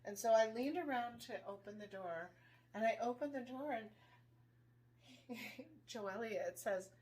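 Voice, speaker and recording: A middle-aged woman co-hosting a casual chat over drinks, telling stories in an animated way and acting out what people said. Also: on the high side, a little slow. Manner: animated storyteller, acts out quotes. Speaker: podcast co-host.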